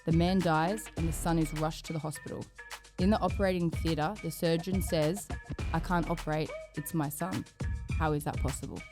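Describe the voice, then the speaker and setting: A woman producer reads a riddle in a steady, deliberate voice. Her voice sits on the low side for a woman. Clear music plays beneath her. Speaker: podcast producer. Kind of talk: reading a riddle aloud.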